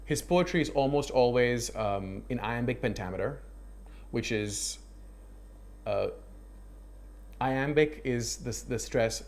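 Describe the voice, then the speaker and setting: A man's voice: medium pitch, slow pace, pauses often, slight background noise. A man explaining verse in an interview, demonstrating the rhythms aloud.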